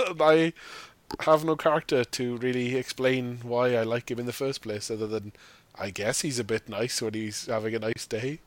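A man's voice: medium pitch, normal speed. A man chatting casually about a film, swearing often and laughing as he mocks the characters. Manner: swears freely, mocks characters in put-on quotes, laughs while talking. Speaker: podcast host. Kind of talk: casual film review chat.

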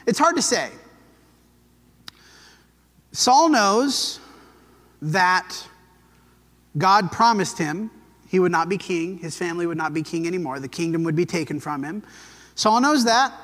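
A man teaching a Bible lesson in a relaxed, conversational way, telling the story and briefly acting out the quotes. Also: high voice, a little slow, pauses often, big-room sound.

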